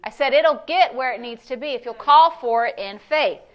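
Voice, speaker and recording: A woman pastor preaching a sermon, animated and conversational, asking the congregation questions. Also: high voice, moderate pace. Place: church service.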